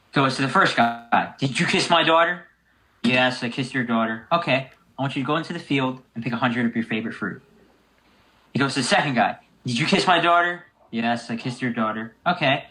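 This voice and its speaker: A man's voice: medium pitch, low-quality recording. A young man co-hosting a casual podcast, telling a long joke and acting out the characters. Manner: animated storyteller, acts out characters. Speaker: podcast co-host.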